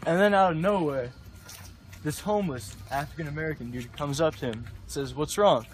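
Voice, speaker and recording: A young man casually telling a story outdoors, relaxed and easygoing. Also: on the high side, brisk, slight background noise. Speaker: interviewee.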